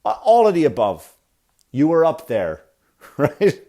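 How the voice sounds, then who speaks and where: A man's voice: fairly high pitch, huge pitch swings, slow pace, warm tone. A man hosting a solo comedy podcast, ranting with exasperated profanity and mocking little quoted voices. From Ireland. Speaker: podcast host.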